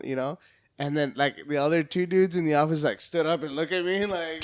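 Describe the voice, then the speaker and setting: A man's voice: a little high, a little fast, dry recording, studio quality. A man on a podcast, a comedian chatting casually, hyperactive, cursing a lot and acting out phone calls in different voices.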